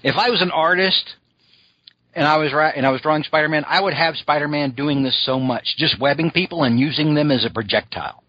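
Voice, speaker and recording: A man hosting a podcast, chatting casually with many fillers and restarts and clearing a scratchy throat. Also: fairly high pitch, fairly quick, no room sound, muffled recording. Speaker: podcast host reviewing a cartoon. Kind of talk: casual chat.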